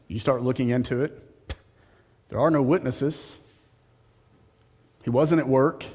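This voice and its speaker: A man's voice: a little mellow, slightly rough. Preaching man in a reverberant hall. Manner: rises to a high mocking voice for sarcasm. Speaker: pastor. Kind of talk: sermon.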